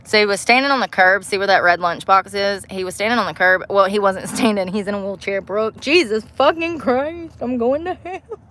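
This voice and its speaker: A woman's voice: mid-range voice, animated, fairly quick, a bit bright. A woman vlogging to a phone camera from inside her parked car, chatty and profane, breaking into laughter often. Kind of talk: casual chat to camera.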